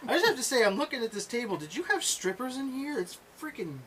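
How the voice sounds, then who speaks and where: A man in a casual chat, animated and teasing, laughing a lot. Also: extremely high pitch, fast talker, slight background noise.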